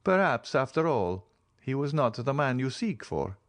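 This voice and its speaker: A male audiobook reader voicing a grave, reserved nobleman who speaks in a measured way. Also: medium pitch, sing-song, voice pushed up. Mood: earnest. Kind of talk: audiobook character reading.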